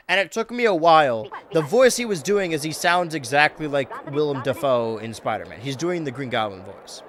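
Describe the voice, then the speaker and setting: A man streaming a video game, chatting casually in a rambling, jokey way that swings between loud outbursts and mutters. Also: fairly high pitch, expressive, a little fast, few pauses, background noise. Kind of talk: casual let's-play commentary.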